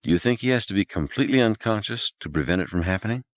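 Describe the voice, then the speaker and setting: Brief: a man doing a brisk, direct female scientist, lightly raised, dry, slightly dull audiobook sound. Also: fairly low pitch, lively intonation, no echo, voice pushed up, close to an everyday voice. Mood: grim. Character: tough, blunt female biologist.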